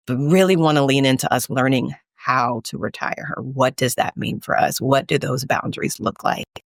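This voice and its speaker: A woman's voice: extremely low pitch, fairly even intonation, brisk. A woman therapist speaking on a podcast with punchy, repeated lines of encouragement. Her speech is casual and colloquial. The sound is dry, with no room echo. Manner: emphatic, repeats lines like a pep talk; colloquial, calls listeners y'all and sis. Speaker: guest therapist. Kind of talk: podcast conversation.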